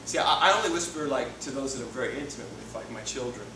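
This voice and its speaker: Joking preacher in an echoey hall. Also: male voice, mid-range voice, fast. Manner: playful, jokey, laughs often. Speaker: youth pastor. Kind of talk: sermon. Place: church hall. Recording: echoey hall from far off, noisy.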